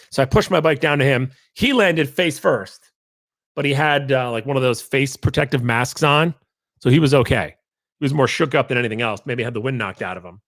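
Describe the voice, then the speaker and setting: A man's voice: mid-range voice, a bit bright, no echo, studio quality. A man hosting his own podcast, telling a story in a rambling, jokey, self-deprecating way. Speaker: podcast host. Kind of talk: casual solo podcast storytelling.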